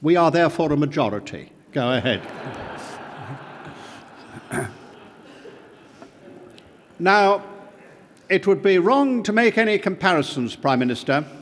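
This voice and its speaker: An older man from Britain giving a formal conference speech, measured and emphatic with slow pauses, in a large hall. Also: high-pitched. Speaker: conference speaker.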